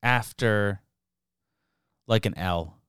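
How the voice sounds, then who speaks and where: A man co-hosting a casual podcast, relaxed and agreeable with plenty of easy slang. His voice sits lowish and sounds smooth and resonant. It is recorded dry and close. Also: very slow, no echo. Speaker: podcast co-host.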